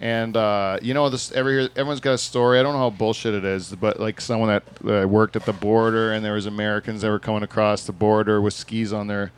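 A man's voice: fairly low pitch, level tone, fast talker, hardly any pauses, clear, resonant tone. A Canadian man with a Southern Ontario accent, hosting a casual group podcast chat, joking and rambling with frequent laughs. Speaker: podcast host.

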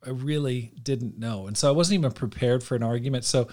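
Middle-aged male podcast host, animated casual storyteller, mid-pitch. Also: brisk. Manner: animated storyteller, acts out quotes with laughs.

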